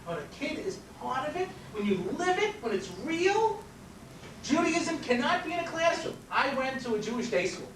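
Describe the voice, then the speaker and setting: A man's voice: very high voice, big pitch swings, moderate pace, fairly bright tone. A man from Long Island, New York, giving a storytelling lecture as a rabbi and educator, constantly checking in with his listeners. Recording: roomy, distant mic with faint noise.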